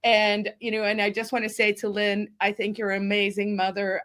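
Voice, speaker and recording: A woman's voice: medium pitch, monotone, a little fast, few pauses, a bit bright. Woman from South Africa, podcast guest, chatty and emotional, teary and tired. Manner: chatty, emotional, laughs often. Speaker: guest, activist. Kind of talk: casual podcast chat.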